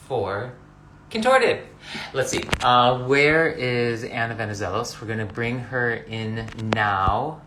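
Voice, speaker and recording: A middle-aged man co-hosting a casual live-stream chat, speaking haltingly with many fillers and restarts. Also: fairly low pitch, bright, forceful tone, a little hiss or hum, rough recording. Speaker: co-host, contortionist. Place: home, Tel Aviv. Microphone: live video stream.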